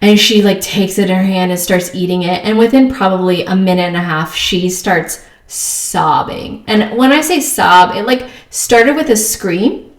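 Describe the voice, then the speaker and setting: A woman's voice: medium pitch, normal speed, recorded from a distance. Woman host, casual storytelling chat, filler-heavy and laughing, echoey room. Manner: chatty, many fillers, laughs while telling stories. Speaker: podcast host.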